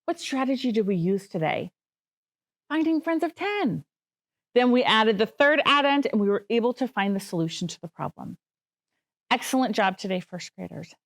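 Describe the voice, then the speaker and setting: A woman teaching first graders, giving clear, encouraging step-by-step instructions. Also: mid-range voice, lively intonation, a little fast. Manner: clear, encouraging, lists steps for children. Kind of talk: classroom instruction.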